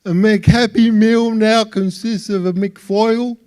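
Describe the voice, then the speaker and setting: Slow-talking Australian stand-up comic, high voice. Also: male voice, fairly even intonation, darkish tone, clean tone. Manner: slow, halting delivery with repeated words. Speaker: stand-up comedian. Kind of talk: stand-up comedy. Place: live stage before an audience.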